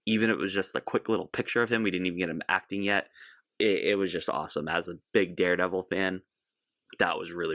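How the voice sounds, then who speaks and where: Deep-voiced man recapping casually. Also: fairly bright tone, no echo, clean studio sound. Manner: easygoing, loose recap with frequent fillers. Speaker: podcast co-host.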